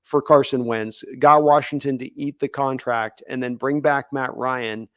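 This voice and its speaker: A man's voice: mid-range voice, fairly even intonation, unhurried, no echo, clean studio sound. A man co-hosting a casual sports podcast, talking in a rambling way with frequent restarts. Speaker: podcast co-host.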